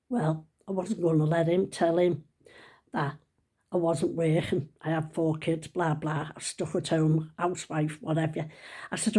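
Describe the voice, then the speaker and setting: A woman's voice: low voice, moderate pace, dark tone, husky. A woman, telling rambling, self-mocking stories about her schooldays in a casual chat. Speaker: vlogger. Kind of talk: casual storytelling.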